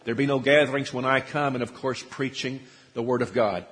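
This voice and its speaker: A man's voice: medium pitch, steady tone, fairly quick, a bit bright, in a large hall. A man preaching a sermon, quoting scripture and asking his congregation questions, rising to emphatic peaks. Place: church sanctuary.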